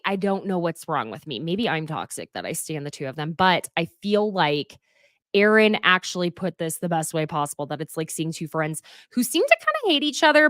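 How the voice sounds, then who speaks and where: A young woman from Oklahoma hosting a sassy, animated recap chat, dropping into hushed asides and quoted voices. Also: on the low side, no echo, studio quality. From Oklahoma, USA. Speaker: host.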